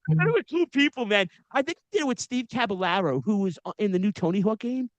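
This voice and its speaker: A podcast host in his forties with a high voice talks to guests in a loose, slangy style. He keeps telling long stories full of asides. The sound is dry and close, with no room echo. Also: animated, fast. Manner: storytelling with frequent slang and asides. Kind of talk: casual interview chat.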